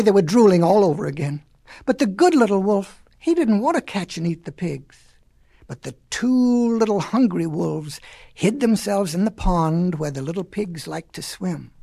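A woman reads a children's storybook aloud in a folksy, lively way at an ordinary middle pitch. Faint music plays behind her voice. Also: slightly rough. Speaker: narrator. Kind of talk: storybook reading.

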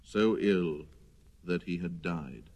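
A man narrating a children's storybook in an expressive reading voice. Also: low voice, takes it slowly, big-room sound, slight background noise. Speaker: storybook reader.

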